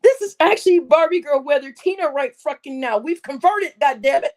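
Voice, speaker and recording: Woman, casual livestream host, high-pitched, laughs through her words, swears a lot. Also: brisk, a little mellow. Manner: giggly, breaks into laughing fits, swears a lot.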